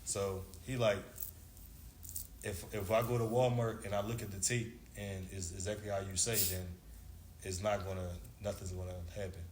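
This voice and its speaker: With a lowish, a little mellow voice that barely moves in pitch, he talks at a moderate pace. He is a former basketball player in his thirties, casually telling a long, slangy story and playing out the dialogue. Faint background noise and echo fill the recording.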